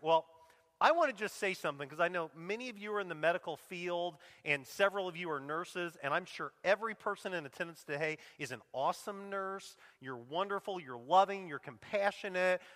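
A middle-aged pastor preaches a sermon in a long hall reverb, his slightly high voice bright and forceful. Emotional and earnest, he sinks to a near-whisper at tender moments, especially on quoted cries.

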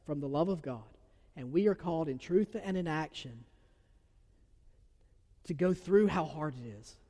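A man with a Southern accent from Georgia, preaching an earnest sermon as a pastor, moving from loud emphasis to soft near-whispers. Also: fairly high pitch. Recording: long reverb of a large hall.

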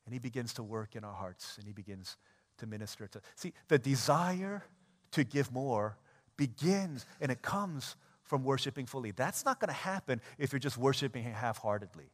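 A man preaching a sermon as a pastor, animated and conversational, acting out everyday scenes. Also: mid-range voice, normal speed. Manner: animated, acts out everyday scenes in quoted voices. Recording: long church hall reverb.

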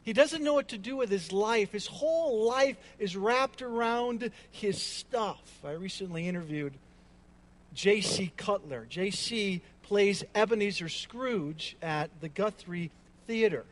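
A man's voice: high-pitched, expressive, measured pace. A man giving a sermon as pastor, earnest and emphatic, leaning on repeated words.

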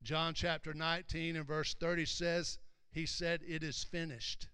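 Emphatic preacher man, bright crisp voice. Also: a little high, level tone, unhurried, no echo, clean studio sound. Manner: builds from quiet reading to loud emphatic preaching; reads scripture aloud and explains each verse. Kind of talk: sermon.

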